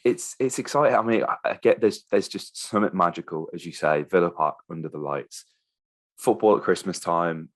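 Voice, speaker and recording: A man's voice: low-pitched, a little fast. A man co-hosting a casual football podcast, enthusiastic and chummy. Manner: enthusiastic, chummy, says mate and bro. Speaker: podcast co-host.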